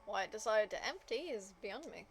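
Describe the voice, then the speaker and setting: A woman's voice: mid-range voice, expressive, a little fast, soft background music. A woman game streamer chatting casually to her viewers, rambling with lots of fillers.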